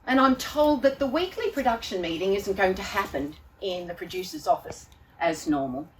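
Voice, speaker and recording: Expressive woman telling her story live. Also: medium pitch. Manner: dramatic, expressive, acts out scenes. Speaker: keynote speaker. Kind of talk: live personal storytelling talk. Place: live venue. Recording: distant mic, faint room noise.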